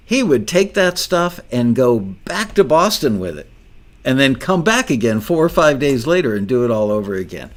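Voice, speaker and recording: An older man hosting an interview, telling a long story in a rambling, self-deprecating way and laughing often. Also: mid-range voice. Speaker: podcast host.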